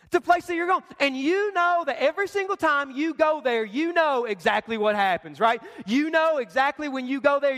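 Man preaching, very high voice, punchy rhetorical questions, long church-hall reverb. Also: fairly bright tone. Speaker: pastor. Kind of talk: sermon.

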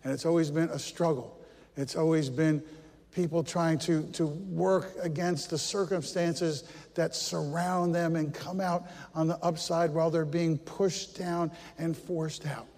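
A middle-aged male pastor delivers a sermon with a higher voice than most men, telling stories with lively, self-mocking humor. His voice rings out with a long reverb, as in a large church sanctuary. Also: measured pace. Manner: storytelling, animated, self-deprecating humor.

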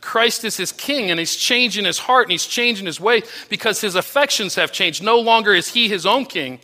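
Pastor mid-sermon, man, high and very bright voice, earnest, with soft low drops on key lines. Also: moderate pace. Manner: earnest preaching with restarts, voice dropping low and soft on key phrases.

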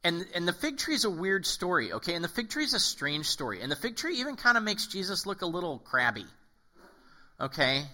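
A male pastor giving a casual, conversational sermon, acting out quotes and often checking in with "okay?". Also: high-pitched. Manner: animated, acts out quoted voices, frequent "okay?".

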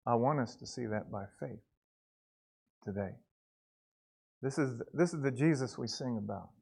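A man preaching a sermon in church, earnest and repeating words for emphasis, swinging between soft and loud passages. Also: medium pitch, normal speed, vocal fry, slightly rough. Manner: earnest, repeats words, rises and falls in loudness.

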